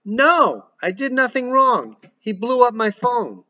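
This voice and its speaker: A man doing a furious shouting teen girl. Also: very high-pitched, big pitch swings, slow, pitched above the performer's own voice, full character voice. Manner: yelling, raised and strained. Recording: dull lo-fi recording.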